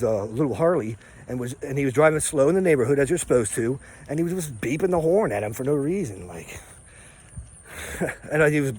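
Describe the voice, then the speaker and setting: A man's voice: medium pitch, breathy edge. A man, a personal trainer, talking outdoors in a rambling, preachy, upbeat monologue full of slang and catchphrases. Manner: preachy, upbeat, repeats catchphrases, drifts off topic; casual slangy delivery with laughs and fillers. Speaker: personal trainer and wellness vlogger.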